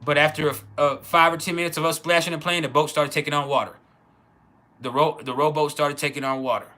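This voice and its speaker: Man telling a story, halting. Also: on the high side, steady tone, bright, forceful tone. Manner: casual, halting, many restarts and repeats. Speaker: channel host. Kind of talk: personal storytelling.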